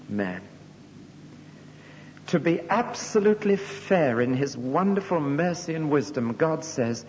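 A man's voice: very animated, unhurried. A man preaching a sermon, solemn and emphatic, with his voice rising and falling dramatically for effect. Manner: solemn, emphatic, with dramatic swings in pitch and loudness. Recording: reverberant hall, dull lo-fi sound with faint hum.

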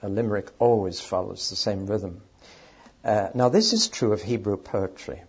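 A man's voice: on the low side, steady tone, moderate pace, breathy edge. A man giving an emphatic, explanatory talk as a Bible teacher, stressing key words as he goes. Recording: dull lo-fi recording.

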